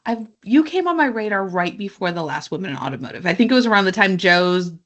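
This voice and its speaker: A woman's voice: mid-range voice, very animated, quick pace, a bit bright. A woman interviewing a guest, supportive and encouraging, giving short affirmations. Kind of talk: conversational interview.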